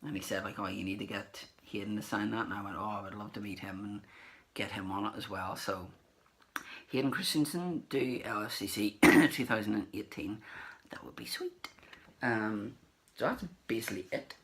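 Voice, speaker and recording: Low, gravelly man telling convention stories. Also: moderate pace, a bit bright. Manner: rambling, acts out remembered dialogue. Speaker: collector vlogger. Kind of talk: casual anecdotal recap.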